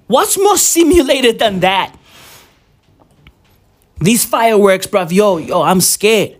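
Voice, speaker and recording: A man's voice: high-pitched, very animated, measured pace. A young man vlogging a profane, rambling, mock-serious rant at home, peppering it with slang. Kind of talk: casual rant to camera. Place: indoors at home at New Year.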